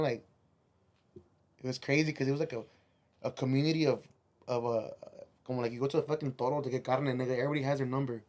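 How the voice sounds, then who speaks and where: A man's voice: mid-range voice, darkish tone. A man, a musician guest on a podcast, telling a rambling, profane story and slipping Spanish phrases into his English.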